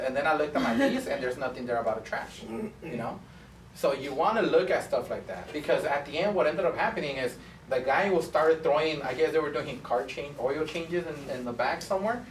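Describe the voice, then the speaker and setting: A man's voice: on the high side, distant mic, a little hiss or hum. Chatty man telling stories in an echoey room. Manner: chatty storyteller, acts out both sides of conversations. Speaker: barbershop owner teaching students. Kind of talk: casual classroom talk with anecdotes.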